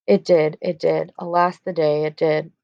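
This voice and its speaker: A blunt old nurse mourning a lost kinsman, as a woman with a gravelly voice reads her part aloud. Her lines come plainly from the page in a dull, lo-fi recording. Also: sits low, flat delivery, normal speed, dry recording. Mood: grieving. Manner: read aloud plainly from the script.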